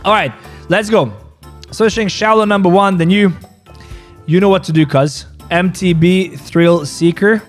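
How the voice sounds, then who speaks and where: A man hosting a trading livestream, chatting loosely and joking between chart talk, often repeating himself. His voice sits a little high for a man. Faint music plays underneath. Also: a little slow. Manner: joking, laughing, repeats phrases. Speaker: crypto trading stream host. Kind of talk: casual livestream chat and market analysis.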